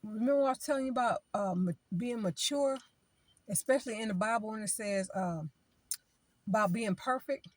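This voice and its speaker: A woman's voice: fairly high pitch, fairly quick, no room sound. A woman giving spiritual advice in an informal, preaching way, talking in a chatty style that repeats phrases and acts out what other people say.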